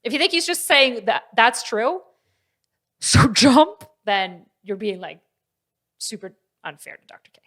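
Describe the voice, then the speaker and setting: A woman streaming, reacting to clips and arguing her case in quick, animated bursts. Her voice rises and falls a lot as she presses a point. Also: fairly high pitch. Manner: animated, argumentative, talks fast in bursts. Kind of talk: casual livestream commentary.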